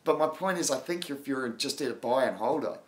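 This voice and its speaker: A man's voice: medium pitch, lively intonation, brisk. Casual male livestream host, rambling and chatty, mid-range voice, laughs a lot.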